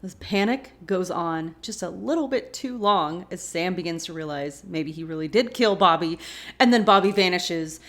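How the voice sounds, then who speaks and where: A woman's voice: lowish voice, normal speed. A woman hosting a rewatch show, casually recapping an episode and reacting with feeling as she retells it. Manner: expressive, reacts emotionally while retelling.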